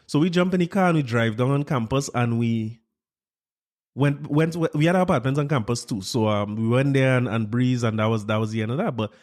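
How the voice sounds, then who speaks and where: Give me a podcast host, a man with a Trinidadian accent, speaking in an unremarkable middle register as he rambles through an animated story for his listeners. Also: medium pitch, a little fast. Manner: animated storytelling with frequent laughs; conversational, addresses listeners directly. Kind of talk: casual podcast monologue.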